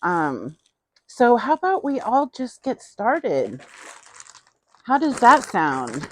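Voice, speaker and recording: A woman's voice: on the high side, wildly swooping pitch, takes it slowly, fairly bright tone, slight background noise. A middle-aged woman hosting a casual haul vlog, chatty and playful, often repeating her phrases. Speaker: host.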